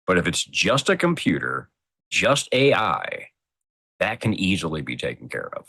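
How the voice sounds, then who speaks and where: Casting: low, lively male guest, emphatic, dry close sound. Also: moderate pace, vocal fry, breathy edge, no room sound. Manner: emphatic, thinks aloud. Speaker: podcast guest. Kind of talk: casual chat.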